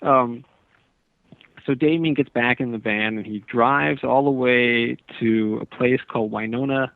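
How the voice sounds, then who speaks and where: A man's voice: mid-range voice, fairly even intonation, a little slow, vocal fry. A male author as a radio interview guest, telling a long story in a meandering, earnest way with many restarts. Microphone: phone. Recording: tinny dry phone line.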